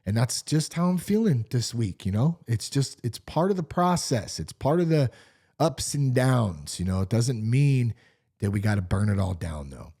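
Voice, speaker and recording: A man in his forties hosting a podcast solo, talking in an animated, candid way and swearing freely. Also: medium pitch, moderate pace, husky. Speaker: podcast host. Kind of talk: casual solo podcast talk.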